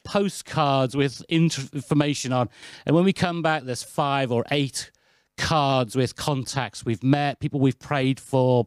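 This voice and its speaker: Man from the UK preaching; anecdotal, lively, dry close sound. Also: medium pitch, no echo. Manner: anecdotal, chatty and lively, with self-deprecating asides. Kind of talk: sermon.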